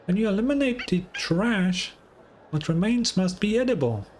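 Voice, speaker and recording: A man's voice: high-pitched, animated, normal speed, a little hiss or hum, voice pushed up. A man putting on a chirpy little game pup. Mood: eager. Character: small chirpy talking pup companion.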